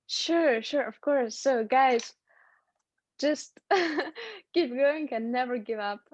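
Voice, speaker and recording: A young woman with a fairly high voice talks as a guest, bubbly and quick to giggle, leaning on filler words. Her sound is dull and lo-fi over a video call, with a dry, close room. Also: expressive, dry recording. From Uzbekistan. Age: young adult. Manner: giggly, upbeat, many fillers. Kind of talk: casual video-call chat. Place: home.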